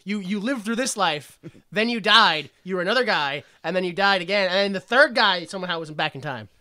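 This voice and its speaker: Bright-voiced joking podcast host man. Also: high-pitched, lively intonation, dry recording, studio quality. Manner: joking, laughs often, quick rambling asides. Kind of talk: casual comedic podcast chat.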